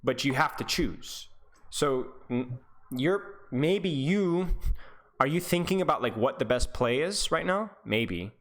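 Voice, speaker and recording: A man's voice: medium pitch, expressive, slow pace, a bit bright. A man coaching a player over voice chat, encouraging and repetitive, telling stories to make his point. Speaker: esports coach.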